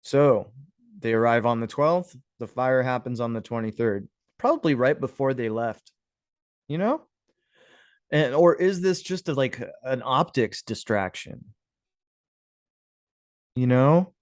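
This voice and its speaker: A man in the middle of his pitch range talks through old etchings and clippings in a loose, musing way. He slips into sarcasm often and calls his viewers "guys". The sound is close and dry, with no room around it. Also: expressive, unhurried, long pauses, no room sound. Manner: musing, sarcastic asides, frequent "guys" and chuckles. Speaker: history video host. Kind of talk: casual commentary over images.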